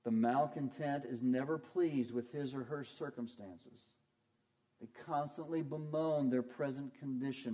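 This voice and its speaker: Pastor guy preaching, mellow warm tone, earnest, keeps asking the crowd questions then answers em. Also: medium pitch. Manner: earnest, asks and answers his own questions. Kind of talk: sermon.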